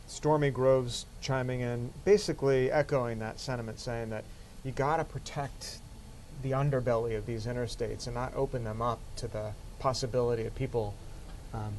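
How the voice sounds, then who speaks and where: A man's voice: medium pitch, fairly even intonation, moderate pace, a little mellow, slight background noise, low-quality recording. A man hosting a casual talk show, conversational, reading out viewer comments and asking questions. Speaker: host.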